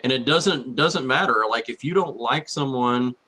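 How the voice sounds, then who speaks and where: A man hosting a radio talk show in a mid-pitched voice. He speaks in a relaxed, halting manner and often restarts his sentences. The tone stays casual. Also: a crowd in the background.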